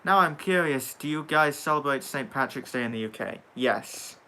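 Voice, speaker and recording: A man's voice: mid-range voice, animated, moderate pace, sharp tone. A young man hosting a casual livestream, reading out viewer comments and answering them with sarcastic banter and casual swearing. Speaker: livestream host reading chat.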